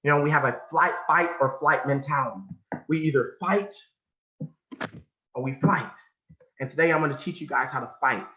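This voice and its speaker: A man from California giving a motivational talk, telling a personal story with emphasis and sudden drops to a hush. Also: on the high side, normal speed, long pauses. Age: adult. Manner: emphatic, swinging from loud to hushed, repeats phrases. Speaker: motivational speaker. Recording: muffled sound in an echoey room.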